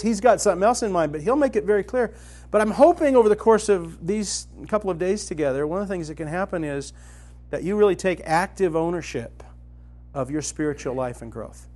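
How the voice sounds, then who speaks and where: Animated man telling a story to a group. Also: fairly high pitch. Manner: storytelling, animated, talks to the room directly. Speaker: retreat speaker. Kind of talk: conversational teaching talk. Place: meeting room with a live audience.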